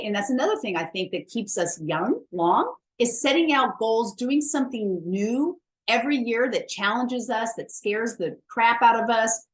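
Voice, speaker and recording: Woman coach talking a mile a minute, emphatic and blunt, swears a bit, laughs at herself. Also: a little high. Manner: chatty, emphatic, self-mocking, freely cusses. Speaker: wellness coach. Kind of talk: motivational talk to camera.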